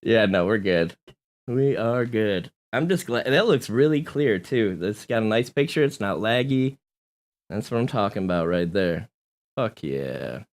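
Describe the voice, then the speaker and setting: Man, podcast host, lively voice, casual chat, easy laughter. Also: lowish voice, moderate pace. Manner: animated, laughs often, swears casually. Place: small home room.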